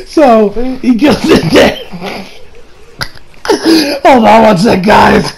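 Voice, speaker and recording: A man with a very high, gravelly voice recaps an anime episode in loose casual chat. He gets excitable, swears freely and keeps cracking up with laughter. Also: extremely slow, long pauses, noisy background. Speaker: anime reviewer.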